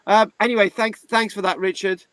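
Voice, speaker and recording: A man from Britain hosting an online history class, chatty and halting, with many restarts, on a video call. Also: high voice, steady tone, fairly bright tone, clean tone, no echo. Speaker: history class tutor and host. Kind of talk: casual online class talk.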